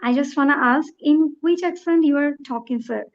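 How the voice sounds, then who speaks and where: Polite high-voiced woman student. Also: normal speed. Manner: polite, formal greetings. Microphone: video call. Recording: dull lo-fi call audio.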